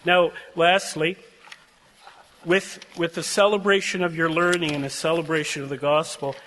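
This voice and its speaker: A man's voice: on the high side, fairly bright tone, a little hiss or hum. An older man giving a heartfelt, emotional address to seminary graduates, telling personal stories in an earnest way. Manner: heartfelt, emotional, prone to tearing up. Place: large chapel. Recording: long chapel reverb.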